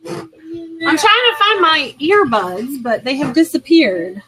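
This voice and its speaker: A woman chatting casually on a livestream, halting and puzzled. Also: high voice, animated, crowd noise, low-quality recording. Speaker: livestream guest. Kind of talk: casual chat.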